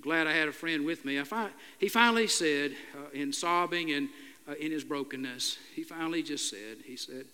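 An older male pastor preaches with a raised, bright, forceful voice. He tells stories in a halting, earnest way full of "uh" fillers. His words ring out with the long reverb of a large church hall. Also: fairly high pitch, clean tone. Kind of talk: sermon.

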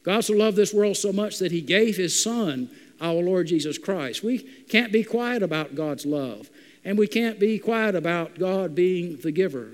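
A man preaching a sermon as pastor, halting with many filler "uh"s. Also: sits high, animated. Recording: long reverb of a large hall.

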